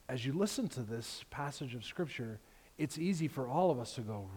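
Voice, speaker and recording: A male pastor preaching a sermon, telling the story with animated, conversational energy and acted-out voices. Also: medium pitch, moderate pace. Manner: animated storytelling, acts out characters. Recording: long reverb of a large hall.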